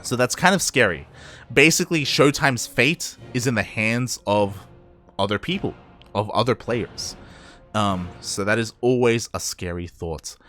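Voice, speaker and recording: Tired caster, Aussie-Latin accent. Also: male voice, lowish voice, unhurried, pushed and bright, faint music behind. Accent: Australian with Latin American influence. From Australia, Peruvian parents. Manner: rambling, self-correcting, chuckles often. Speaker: esports caster. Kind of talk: casual stream wrap-up chat.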